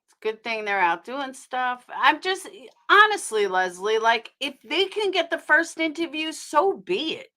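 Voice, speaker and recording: A woman's voice: high voice, lively intonation, a little slow, a bit bright. Woman ranting on her livestream, swears a lot, rambly, voice bounces up and down. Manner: blunt, swears freely, rambling and heated. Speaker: livestream host. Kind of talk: casual live-stream commentary.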